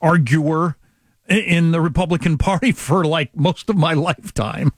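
A man's voice: a little high, moderate pace, no echo. A man hosting a podcast, chatting opinionatedly and mockingly about politics in a rambling way. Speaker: podcast host. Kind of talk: casual political chat.

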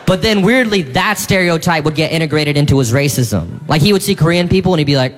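Animated stand-up comedian from South Carolina. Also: male voice, quick pace, hardly any pauses, big-room sound, faint music behind. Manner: animated, jumps into high-pitched impressions. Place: comedy club stage.

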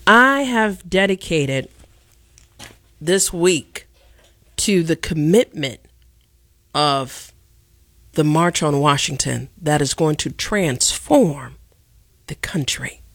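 Hosting a solo radio talk show, a middle-aged Chicago woman delivers her words with impassioned, deliberate, preacher-like emphasis. Her low, expressive voice is recorded with no room sound.

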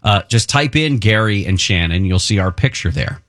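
Male radio co-host, low pitch, dry studio sound, loose and joking. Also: lively intonation, moderate pace, a bit bright, no echo. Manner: loose, joking, rambling delivery. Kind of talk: casual talk radio chat.

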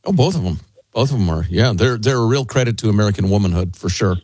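A man hosting a talk radio show, chatting casually in a sarcastic, deadpan way. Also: on the low side, fast talker, husky, no echo.

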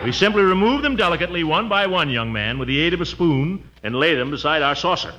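A man's voice: on the high side, lively intonation, fast, a crowd in the background, lightly acted. A man playing a pompous, blustering middle-aged uncle in a 1940s radio comedy, on a dull old recording.

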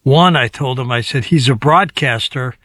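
A man hosting a radio talk show, brisk and conversational. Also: medium pitch, fairly bright tone, breathy edge, no room sound. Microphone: studio mic, dry.

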